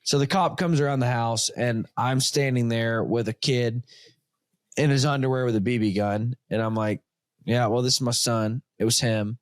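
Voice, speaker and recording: Animated storytelling man, dry close sound. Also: mid-range voice, moderate pace, no room sound. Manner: animated storyteller who acts out dialogue. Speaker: podcast host. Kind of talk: casual chat. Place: home studio.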